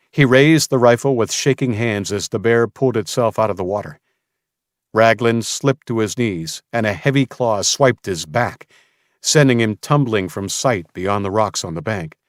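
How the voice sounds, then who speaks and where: A man narrating an audiobook in a slow, measured storytelling manner. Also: on the low side, dry recording, studio quality. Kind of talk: scripted narration.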